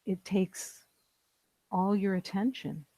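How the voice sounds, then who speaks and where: A spiritual teacher speaks slowly and evenly, with a gravelly, mellow voice. The talk is calm and meditative, built on repeated declarations. The sound is dry and close. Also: mid-range voice, no echo, rough recording. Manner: calm, repetitive, declarative phrasing.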